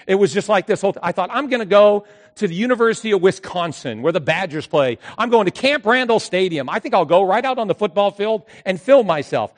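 A middle-aged man with a notably high voice spins a long personal anecdote for a crowd of listeners. He tells it in a lively, animated way, leaning on a repeated catchphrase. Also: fast, few pauses. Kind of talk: storytelling talk to an audience.

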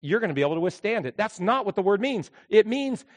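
A male pastor preaching a sermon, moving between quiet, intimate storytelling and loud, shouted exhortation. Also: high-pitched, very animated, fast, dry recording.

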